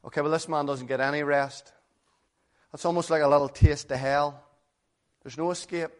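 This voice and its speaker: A man's voice: a little high, fairly even intonation, normal speed. A man preaching a sermon in an earnest, conversational way, full of rhetorical questions.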